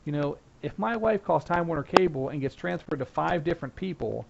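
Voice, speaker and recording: A man's voice: on the high side, lively intonation, brisk, creaky, heavy background noise. A man teaching a help desk class in a casual, conversational way, acting out sample phone lines. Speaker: instructor. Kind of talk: casual lecture. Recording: dull lo-fi recording.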